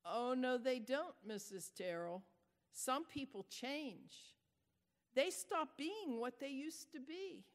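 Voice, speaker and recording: A woman voicing an earnest, gentle five-year-old girl while retelling a story, with her voice carrying in a long-echoing hall. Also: high-pitched, animated, takes it slowly. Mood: earnest, pleading. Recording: echoey hall.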